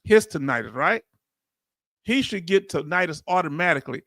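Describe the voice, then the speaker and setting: A man hosting a livestream, animated and preachy, talking in casual slang and calling on his viewers in the chat. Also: on the high side, normal speed, dry recording, clean studio sound. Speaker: channel host.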